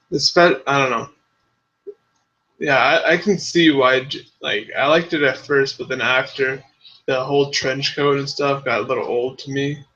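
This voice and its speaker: Laid-back bright-voiced male co-host. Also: medium pitch, vocal fry. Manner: laid-back, profane, hesitant with many ums. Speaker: podcast co-host. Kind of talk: casual movie review chat. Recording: dull lo-fi with faint hiss.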